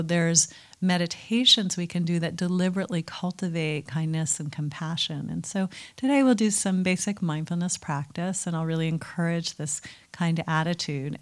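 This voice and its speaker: Gentle, low-voiced woman meditation teacher. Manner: gentle, soothing, unhurried guidance. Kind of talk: guided meditation talk.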